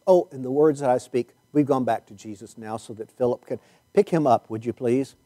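A man preaching a sermon, reading Bible verses and stretching key words slowly for emphasis. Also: mid-range voice, dark tone, dry recording.

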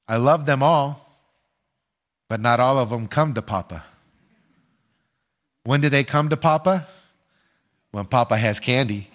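An older man preaches a sermon as pastor, earnest and measured, posing rhetorical questions to his listeners and pausing for their answers. His voice is medium in pitch and a bit bright.

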